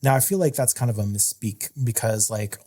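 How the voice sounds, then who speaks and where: A man's voice: on the low side, fairly quick, dark tone. A man co-hosting a horror film podcast. He reads background facts, then riffs casually with lots of filler words. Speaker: podcast co-host. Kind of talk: casual chat.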